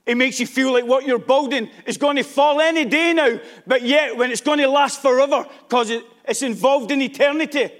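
A man with a strikingly high voice delivers a sermon. He preaches with emphasis and often pushes up into shouted exhortation. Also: a little fast, few pauses.

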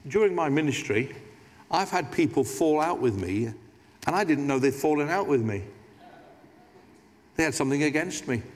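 A man's voice: fairly high pitch, expressive, moderate pace, long pauses, slight background noise. A man preaching a sermon as pastor, talking conversationally with asides and light humor. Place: large church. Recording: hall reverb.

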